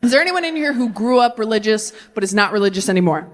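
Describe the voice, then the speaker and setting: A woman with a fairly high voice delivers a stand-up set into a handheld mic. She is brash and confessional and pokes fun at herself. Faint noise sits under her voice. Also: expressive, quick pace, a faint crowd. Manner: brash, self-deprecating, confessional. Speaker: stand-up comedian. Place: comedy club stage before a live audience.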